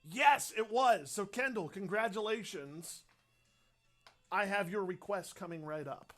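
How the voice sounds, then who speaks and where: A man's voice: high voice, unhurried, a bit bright, faint music behind. A young man hosting a radio show livestream, rambling casually and upbeat as he reads out viewer questions. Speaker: radio host.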